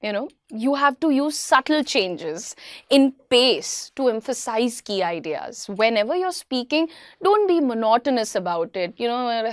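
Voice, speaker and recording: A woman's voice: a little high, sing-song, a little slow, dry recording, studio quality. A woman with an Indian English accent teaching communication skills, explaining points with frequent "you know" and acting out example phrasings. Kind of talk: explanatory lesson with spoken examples.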